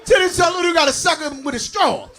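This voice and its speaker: Guy doing stand-up on a live stage, super high gravelly voice, yells the punchlines and cracks himself up. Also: expressive, fast. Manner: shouts punchlines, laughs at his own jokes; talks straight to the crowd, calls out to them. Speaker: stand-up comedian. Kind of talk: stand-up comedy set. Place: live comedy stage with an audience.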